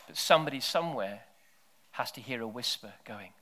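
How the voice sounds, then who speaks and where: A man preaching a sermon full of stories. He drops to near-whispers and then breaks into loud shouted bursts. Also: mid-range voice, animated, brisk. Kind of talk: sermon with storytelling.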